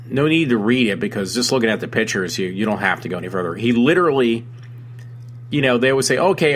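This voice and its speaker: A man's voice: mid-range voice, fairly bright tone, a little hiss or hum. A man hosting a casual solo talk show, rambling with many fillers, restarts and self-corrections. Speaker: podcast host.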